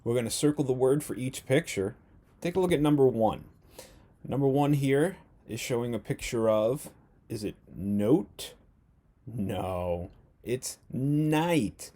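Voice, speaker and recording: A man in the middle of the male pitch range, teaching young children a remote reading lesson. He talks slowly and clearly and sounds out letters one at a time. He poses playful either-or questions to keep small kids following along. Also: expressive, dark tone. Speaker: first grade teacher. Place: at home.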